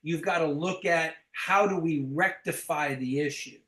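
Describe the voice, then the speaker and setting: Blunt, emphatic high-voiced sales coach. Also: male voice, unhurried, sharp tone, roomy sound, low-quality recording. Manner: blunt, emphatic, swears casually.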